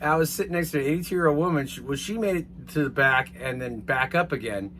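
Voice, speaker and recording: A man telling a rambling, casual story to his viewers, swearing now and then and getting animated as he retells it. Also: fairly high pitch, a little fast, a little hiss or hum. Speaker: vlogger.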